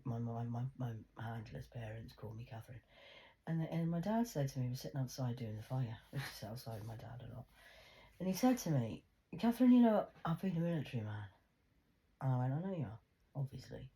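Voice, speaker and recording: A woman's voice: a bass voice, fairly bright tone. A woman, talking in a rambling, sweary, casual monologue. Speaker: host.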